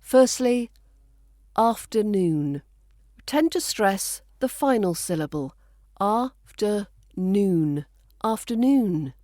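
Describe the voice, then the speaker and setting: A woman with a British RP accent teaching pronunciation, speaking slowly and clearly and repeating each word for practice. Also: medium pitch, very animated, warm tone, dry recording, clean studio sound. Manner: slow, carefully enunciated, repeats words for practice. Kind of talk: scripted accent lesson.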